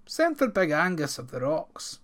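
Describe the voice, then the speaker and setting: A man's voice: fairly high pitch, wildly swooping pitch, a little slow, a bit bright, heavily acted. A man reading aloud and voicing an old farm servant who speaks urgently in old-fashioned words. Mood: worried.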